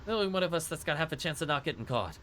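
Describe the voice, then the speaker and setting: A man's voice: fairly high pitch, expressive, racing, fairly bright tone, slight background noise, pitched above the performer's own voice. A man voicing a boastful male fairy sidekick while reading game text aloud.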